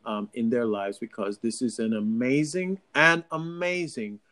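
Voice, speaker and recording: A man chatting casually as a co-host, rambling and animated with frequent restarts, from Long Island. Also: medium pitch, unhurried. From Long Island, New York. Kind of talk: casual chat.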